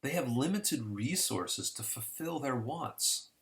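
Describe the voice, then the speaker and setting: A man with a medium-pitched, fairly bright voice teaches an introductory economics lesson slowly, his intonation lively. The casual recorded lesson is conversational and story-driven, using homespun examples.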